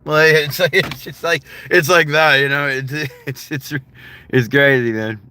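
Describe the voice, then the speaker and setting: Bright-voiced rambling streamer. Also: male voice, on the high side, steady tone, a little slow, a little hiss or hum. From United States. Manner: rambling, profane and laughing often. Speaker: livestreamer. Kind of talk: casual live-stream chat with viewers.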